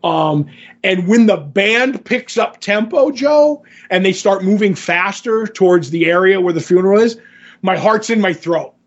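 High-voiced man excitedly recapping a show. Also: unhurried, highs cut off. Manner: animated scene-by-scene retelling. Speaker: podcast co-host. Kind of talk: casual podcast chat recapping an episode.

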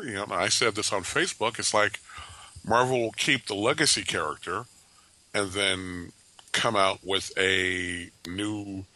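A man's voice: fairly low pitch, bright, forceful tone, low-quality recording. A man co-hosting a casual podcast chat, opinionated and bringing up new topics. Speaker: co-host.

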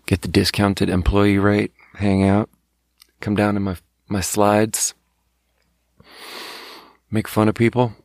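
A low-pitched man talks on his own show in a loose, meandering monologue. He restarts his sentences and slips laughs into his thoughts, sounding a little self-conscious. The recording is close and dry, with no room around him. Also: no echo. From Sweden. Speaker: podcast host. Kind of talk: casual solo monologue.

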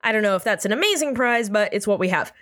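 A woman reading out a boastful older male politician's ad in a flat, reluctant way. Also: medium pitch, quick pace, natural voice.

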